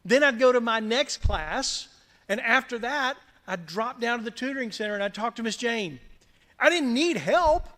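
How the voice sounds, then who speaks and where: A man's voice: extremely high pitch, lively intonation. Middle-aged south louisiana guy giving a heartfelt thank-you speech, wry jokes, long echo off the hall. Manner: earnest and gently humorous, with pauses. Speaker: scholarship recipient speaker. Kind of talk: prepared speech at a reception. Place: large community center hall. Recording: reverberant hall.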